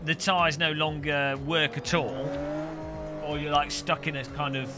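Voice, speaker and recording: A man's voice: a little high, steady tone, unhurried. A man chatting casually with his live-stream viewers while sim racing, rambling and answering chat as he goes. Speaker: game streamer. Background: loud game music and car engine sounds.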